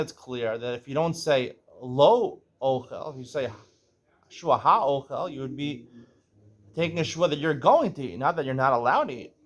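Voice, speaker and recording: A man teaching a page of Talmud, mixing read Aramaic with plain English explanation. He checks in with "right?" again and again and clears his throat from time to time. He stops to correct himself when he gets part of the explanation wrong. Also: on the high side, fairly bright tone. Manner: reads Aramaic then explains in English, asks "right?" often; clears throat now and then.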